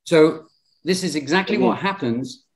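A British man leading a point in a study group, pressing his case with insistence and plenty of self-corrections. His voice sits a little on the high side for a man, and he pushes ahead without pause. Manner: insistent, argumentative, many restarts. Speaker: Bible study presenter. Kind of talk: lecture-style group discussion.

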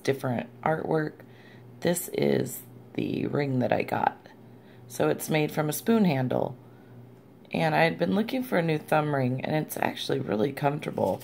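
Gravelly low-voiced woman gushing over mail. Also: darkish tone, a little hiss or hum. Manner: gushing and chatty, squeals and laughs often. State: tired. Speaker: crafting vlogger. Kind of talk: casual unboxing vlog.

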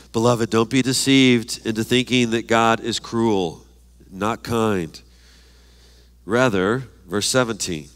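An older man preaching a sermon as pastor, expressive and lively, asking many questions and reading scripture aloud. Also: mid-range voice. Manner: reads scripture verses aloud.

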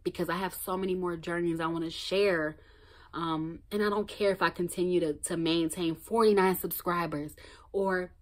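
A woman with a fairly low voice gives a casual pep talk to camera. She is blunt and emphatic, curses freely and hammers her point home by repeating phrases. She jumps from loud bursts to soft, almost whispered asides. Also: steady tone, moderate pace. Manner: shifts between loud outbursts and hushed, near-whispered asides. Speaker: motivational vlogger.

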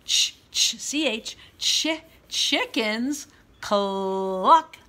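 A woman teaching a guided reading lesson for young children, sounding out letters clearly, reading quoted words loudly, and praising them often. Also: medium pitch, lively intonation, takes it slowly. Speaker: preschool teacher.

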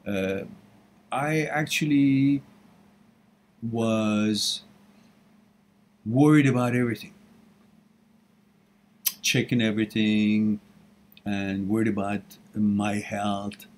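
A man's voice: on the low side, steady tone, takes it slowly, long pauses. A middle-aged man hosting a live question-and-answer session, telling his own story in an earnest, emphatic way. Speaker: host answering viewer questions. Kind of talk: live Q&A talk.

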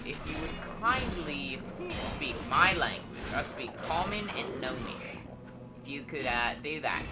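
A man voicing a chatty, grumpy male gnome bard who rambles in character with a shifting put-on accent while playing a video game. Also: fairly high pitch. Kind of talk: role-play commentary over a video game. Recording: clear background noise.

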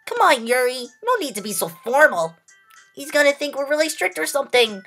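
A man's voice: very high voice, sing-song, brisk, bright, forceful tone, soft background music, pitched above the performer's own voice, full character voice. A man voicing a small, assertive, prickly teenage girl who speaks brashly and defensively in a voiced game playthrough.

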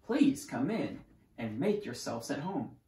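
Reader doing a little girl, bossy hotel keeper, polite, firm, lively pitch, echoey room. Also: a little slow. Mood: proud. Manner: polite and self-assured. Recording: roomy echo.

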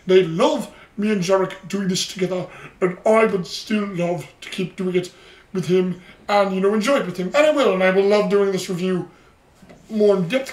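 Host voice: rambling solo reviewer joking in a mock cockney voice, set back from the mic in an echoey room. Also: mid-range voice. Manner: rambling, toys with a put-on British cockney voice. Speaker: anime review channel host. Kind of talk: casual solo episode review. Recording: roomy echo, distant from the mic.

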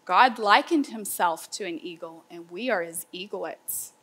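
A woman teaching a children's Bible lesson, asking the class lively questions. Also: fairly low pitch, a little slow, husky. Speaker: homeschool teacher.

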